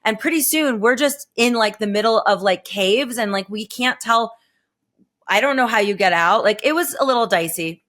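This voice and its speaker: A woman in her thirties hosts a podcast, telling a long, chatty story at a moderate pace in a voice on the high side. She's animated and profane, acting out what people said by raising her voice for the quotes in this casual storytelling chat.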